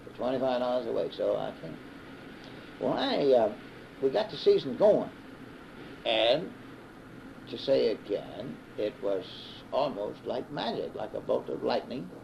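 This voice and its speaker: A man in his fifties with a Southern US accent, a sports broadcaster telling stories in an unhurried interview with many pauses and restarts. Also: medium pitch, very animated, vocal fry, a little mellow, a little hiss or hum. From American South. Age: 50s. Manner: unhurried storyteller with frequent "uh" restarts. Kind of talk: reminiscing interview. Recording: dull 1960s reel-to-reel tape.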